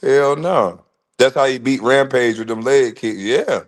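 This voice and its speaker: A man in his forties hosting a casual livestream, telling stories in an animated, slangy way with frequent laughs. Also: mid-range voice, a little slow. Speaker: livestream host.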